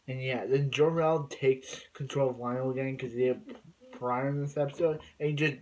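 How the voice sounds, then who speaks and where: A man talks through a TV episode in a loose, rambling recap. He keeps circling back with fillers and restarts. His voice sits at an ordinary middle pitch. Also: fairly even intonation, normal speed, a little mellow, a little hiss or hum, poor audio. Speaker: TV episode reviewer.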